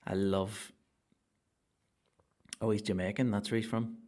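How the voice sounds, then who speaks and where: A Northern Irish stand-up comedian and podcast host rambles through a comic monologue packed with swearing and sudden loud outbursts. His lowish voice is flat and unhurried.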